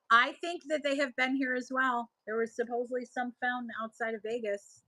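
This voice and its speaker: Chatty Buffalo-accented woman, bright-pitched. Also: fairly even intonation, moderate pace, long pauses, dry recording, rough recording. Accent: Buffalo, New York. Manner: chatty, reads viewer comments aloud and answers them; rambling, often trails off and restarts. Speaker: livestream seller host. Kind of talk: casual live-stream chat with viewers.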